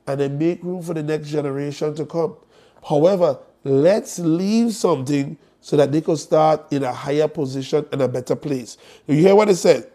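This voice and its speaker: Male host, warm and higher-pitched, blunt and joking on a live stream. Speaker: host promoting an estate planning conference.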